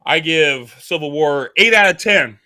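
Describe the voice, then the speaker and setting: A man's voice: fairly high pitch, animated, measured pace, bright, forceful tone. A man cohosting a fantasy football podcast in easygoing, playful banter. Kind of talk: casual fantasy football chat.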